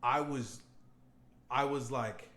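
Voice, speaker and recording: A young man hosting a podcast tells a story in casual chat, taking it slowly in a mid-range voice. He swears freely and animatedly acts out what people said. The recording has a roomy echo and faint background noise.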